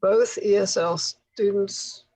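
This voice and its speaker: A woman leading a tutor training workshop, explaining things patiently with occasional soft laughs. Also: medium pitch, fairly even intonation, slow pace, slightly rough, rough recording. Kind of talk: workshop instruction.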